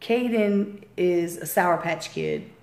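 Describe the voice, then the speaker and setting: A woman's voice: fairly low pitch, takes it slowly. A woman in her fifties, a grandmother casually telling family stories and acting out the voices in them. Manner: animated, acts out voices in anecdotes. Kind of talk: casual storytelling. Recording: roomy echo.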